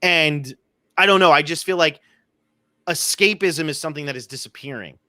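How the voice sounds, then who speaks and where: Airing his views on movies in a loose, ranting way, this man co-hosts a podcast. He speaks at a moderate pace in a slightly high voice that sounds pushed and bright, recorded cleanly in a studio with no room sound.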